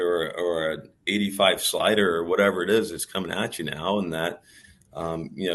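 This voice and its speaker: A man's voice: low voice, a bit bright. A man talking casually as an interview guest, rambling through stories with lots of fillers. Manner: rambling, storytelling, many fillers. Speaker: professional baseball player, guest.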